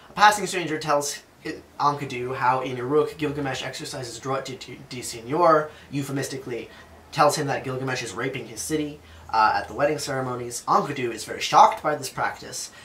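A man's voice: medium pitch, pushed and bright, roomy sound, slight background noise. A man reading an ancient epic aloud and explaining it in a casual, chatty way with jokey asides.

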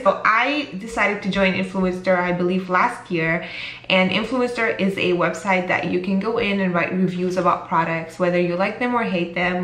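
A woman beauty vlogger talking casually to the camera, gushing and excitable, often repeating herself. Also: lowish voice, reverberant, slight background noise.

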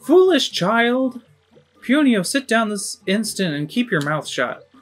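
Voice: medium pitch, big pitch swings, takes it slowly, soft background music, voice pushed up. A game streamer voicing a cranky, bossy old tribal elder woman who lectures and scolds. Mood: scolding.

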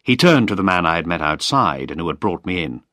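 Low-voiced man reading a story. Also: sing-song, fairly quick, fairly bright tone, dry recording, clean studio sound. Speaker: narrator. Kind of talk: scripted story narration.

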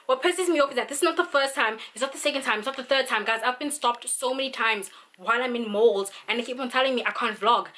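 A woman's voice: a little high, fast talker, few pauses, pushed and bright, a little hiss or hum. A young South African woman vlogging, ranting in an exasperated way with lots of fillers. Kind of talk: venting vlog monologue.

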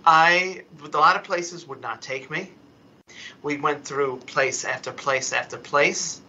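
A man giving emotional, halting testimony at a council hearing, stumbling and restarting as he pleads his case over a remote call. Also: a little high, sharp tone, muffled recording, a little hiss or hum. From Philadelphia, US. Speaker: public commenter at a council hearing. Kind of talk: impassioned unscripted testimony.

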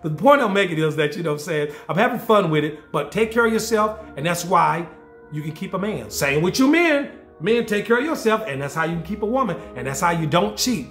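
Brief: man in his forties, high voice, crude comic vlog rant, echoey room, faint music behind. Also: animated, a little fast. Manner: loud, joking, playfully crude. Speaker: vlogger and DJ. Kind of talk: casual comedic monologue to camera.

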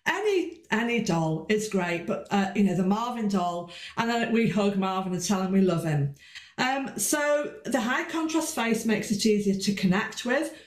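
Woman presenter, informal talk, chatty, restarts, sing-song stresses, middle pitch, roomy echo.

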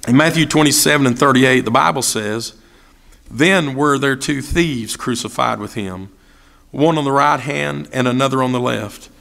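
A man's voice: mid-range voice, normal speed, creaky, a bit bright. A man preaching a sermon as pastor, asking repeated rhetorical questions and acting out the voices of people he quotes. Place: church sanctuary.

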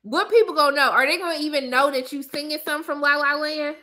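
A young woman chatting casually to her viewers, blunt and sassy, ranting with animated emphasis. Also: sits high, fast. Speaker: movie commentator.

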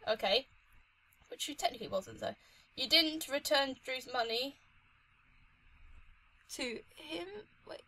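A young woman commentating her own playthrough of a story game, chatty and excitable, talking to herself and the screen. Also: sits high, slow pace, long pauses, a little hiss or hum, rough recording. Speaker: let's play host. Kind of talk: gaming commentary.

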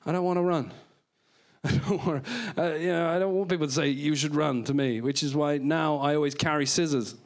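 Recorded live before an audience in a small club, an English-accented man performs stand-up in a fairly quick, somewhat high voice. He's silly and playful, drifting into goofy character voices while the crowd laughs.

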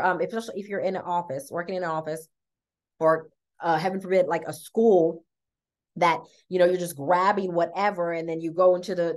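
Chatty woman pitching wellness. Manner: chatty, upbeat, says "y'all" and "okay?" often. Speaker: wellness product presenter. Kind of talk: casual sales talk.

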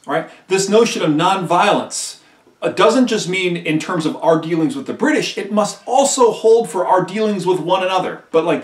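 A man's voice: sits high, roomy sound, recorded from a distance. A male history teacher giving a conversational recorded lecture, who often checks in with "right?" and acts out quotes emphatically.

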